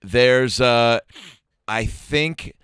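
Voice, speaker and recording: A man hosting a comedy podcast, chatting casually and tossing in quick jokes. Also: medium pitch, fairly bright tone, smooth, no room sound, studio quality. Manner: quick joking interjections.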